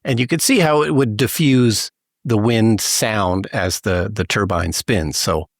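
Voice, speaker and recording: A man's voice: fairly low pitch, unhurried, dry recording, clean studio sound. A man from Saskatchewan co-hosting a podcast in casual chat, laughing often and restarting his sentences loosely. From Saskatchewan, Canada. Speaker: podcast co-host.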